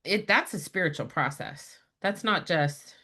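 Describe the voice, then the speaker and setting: Woman host, casual, animated storyteller, quick and chatty. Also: lowish voice. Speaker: podcast host. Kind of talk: casual chat.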